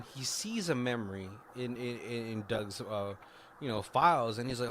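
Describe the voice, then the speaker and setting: On a podcast, a man co-hosting casually recaps a movie, rambling loosely through the plot with plenty of cursing and side comments. He speaks unhurriedly at an ordinary male pitch, his tone fairly bright and his intonation lively. Faint background noise hums underneath.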